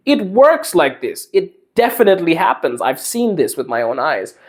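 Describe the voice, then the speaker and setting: A man's voice: on the high side, sing-song, normal speed, hardly any pauses. A man, hosting a podcast and delivering an emphatic advice monologue. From Zimbabwe. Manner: emphatic, preachy. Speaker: podcast host.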